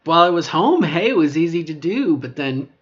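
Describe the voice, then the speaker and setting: A middle-aged trans woman talking in a casual video diary, rambling with many fillers and restarts, moving between a lower voice and an upper register. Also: big pitch swings, a little fast, lo-fi sound. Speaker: vlogger.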